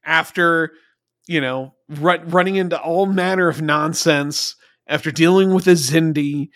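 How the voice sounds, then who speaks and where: A man with a slightly high voice chats animatedly on a review podcast. He swears freely and slips into mocking voices. The sound is dry and close-miked. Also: measured pace, a bit bright, dry recording. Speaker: podcast co-host. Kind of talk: casual review chat.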